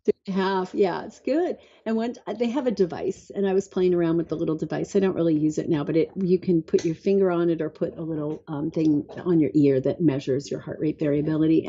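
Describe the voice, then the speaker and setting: A middle-aged woman, a guest expert, telling chatty stories full of fillers and later calmly guiding a breathing exercise. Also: low-pitched, fast, highs cut off. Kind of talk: conversational storytelling, then guided breathing.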